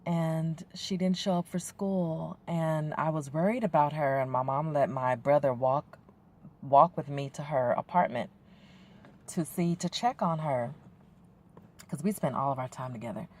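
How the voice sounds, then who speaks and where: Low-voiced woman in her forties, soft and reflective, lots of ums, kinda teary. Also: unhurried. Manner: soft, reflective, emotional, with frequent ums and sighs. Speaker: faith vlogger. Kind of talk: personal storytelling.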